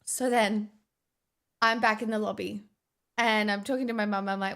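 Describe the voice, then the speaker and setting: A woman's voice: mid-range voice, steady tone, moderate pace, fairly bright tone. A young woman, chatting casually as a vlogger, swearing often and restarting her sentences. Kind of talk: casual storytime chat.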